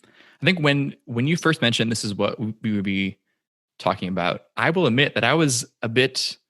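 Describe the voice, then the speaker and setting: A man's voice: mid-range voice, lively intonation, normal speed, pushed and bright. A man co-hosting a podcast in casual chat, hesitant, with many fillers. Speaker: podcast co-host.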